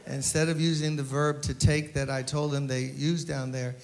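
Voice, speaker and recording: A man, a pastor, giving a eulogy at a memorial service as an animated storyteller who acts out the quotes. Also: fairly high pitch, moderate pace, creaky.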